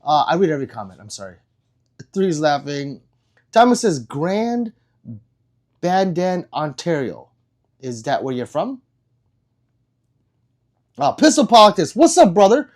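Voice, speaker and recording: A man's voice: fairly high pitch, very animated, unhurried, pauses often. A young man hosting a casual live stream, joking and rambling as he reads out viewer comments. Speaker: livestream host reading chat.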